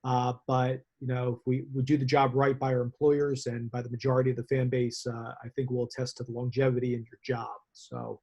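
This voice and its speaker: A man hosting a video call, giving casual advice in a measured way with many fillers. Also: medium pitch, flat delivery, dark tone. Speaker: host.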